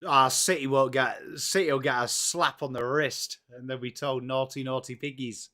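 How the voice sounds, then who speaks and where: In a mid-range, pushed and bright voice at a moderate pace, an English man hosts a football watchalong livestream. He chats easily and cheerfully, saying hello to viewers by name.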